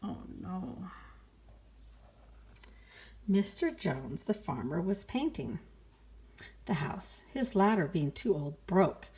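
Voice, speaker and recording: A woman reading a children's picture book aloud, playful and expressive, sighing and exclaiming along with the story. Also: on the low side, measured pace.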